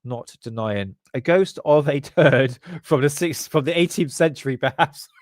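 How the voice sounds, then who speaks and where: A man's voice: medium pitch, unhurried, no room sound. A man talking casually at his computer, cracking crude jokes and chuckling as he goes. His voice sits in an ordinary middle register and is recorded close and dry, with no room sound around it. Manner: crude, joking, laughs often. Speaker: channel host. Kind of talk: casual commentary on paranormal photos.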